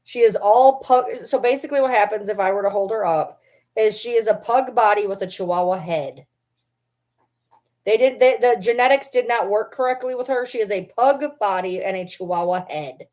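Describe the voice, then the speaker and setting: At normal speed and with a medium-pitched, darkish voice, a home vlogger chats to the camera. She fondly teases her dog and shifts effortlessly into baby talk.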